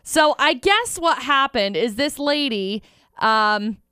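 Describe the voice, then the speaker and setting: A woman's voice: high voice, animated, takes it slowly, pushed and bright, clear, resonant tone, dry recording, clean studio sound. A woman co-hosting a casual chat show, reading out odd news stories with a playful, laughing delivery. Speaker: co-host.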